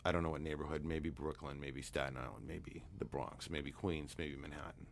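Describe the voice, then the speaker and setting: A man, a hypnotherapist guest, telling a long anecdote in a relaxed, rambling way with many fillers. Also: very deep voice, normal speed, slight background noise. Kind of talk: storytelling interview talk.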